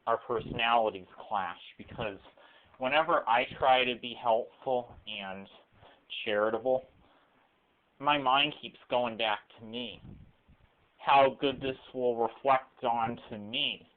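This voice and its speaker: A young man talks through a rambling vlog monologue at an even, middling pitch, stopping and restarting his thoughts. The sound is thin and weak, recorded on a cell phone camera. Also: phone-quality sound. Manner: halting, full of restarts and fillers. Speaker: vlogger.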